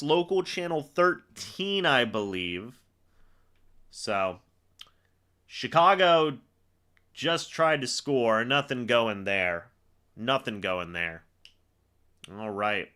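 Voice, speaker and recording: A young man hosting a live fan reaction stream, calling the plays as he watches and getting excitable on big moments. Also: mid-range voice. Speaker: fan livestream host.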